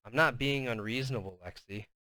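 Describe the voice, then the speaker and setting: A man reading aloud, voicing a calm and stern male schoolteacher who speaks low, quiet and firm. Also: a little fast, no room sound, natural voice.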